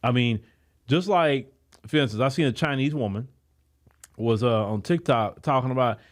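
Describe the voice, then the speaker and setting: An American man with an African American English accent, hosting a podcast and delivering an emphatic, preachy commentary monologue that is full of repeated words and restarts. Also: moderate pace. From United States. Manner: animated, swinging from raised to low, quiet asides. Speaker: podcast host.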